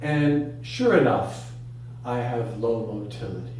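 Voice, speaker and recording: A man's voice: slow pace, slight background noise. Middle-aged guy doing open mic stand-up, acts out all the voices, super echoey, kinda far from the mic. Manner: animated, acts out voices with big pitch jumps. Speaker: stand-up comedian. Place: room at a live open mic.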